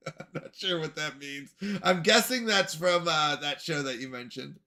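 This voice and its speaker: A young man chats casually on his stream, reading and answering viewers with a joking, self-deprecating manner and frequent laughs. His voice is bright and sits a little high for a man. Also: expressive, unhurried. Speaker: livestream host reading chat. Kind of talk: casual chat.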